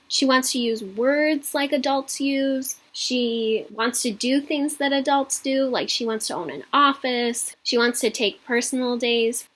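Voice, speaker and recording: Husky-voiced woman teacher reading a story aloud. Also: high voice. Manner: expressive storytelling, pausing to explain the story. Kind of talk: reading a children's book aloud in a lesson.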